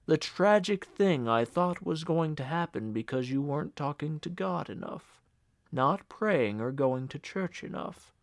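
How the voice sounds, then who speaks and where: A man voicing a cold, pious middle-aged uncle who murmurs slowly and solemnly. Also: lively intonation, no echo, clean studio sound. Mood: accusing. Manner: low, murmuring, slow and heavy.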